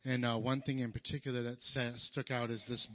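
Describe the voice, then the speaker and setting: A man leading worship, talking informally between songs in a soft, halting way with many fillers. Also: medium pitch, level tone, lo-fi sound. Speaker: worship leader.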